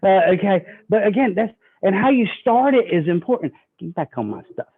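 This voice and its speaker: Folksy sales trainer, man, slightly high voice, phone-thin sound. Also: animated, brisk, gravelly. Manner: folksy, acts out customer dialogue. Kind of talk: sales training talk with role-played pitches. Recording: tinny phone-like audio.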